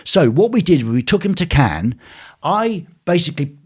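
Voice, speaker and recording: Animated older man telling a story. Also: fairly high pitch, moderate pace, husky. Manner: animated, acts out voices in anecdotes. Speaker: host. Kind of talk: storytelling live stream. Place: his home.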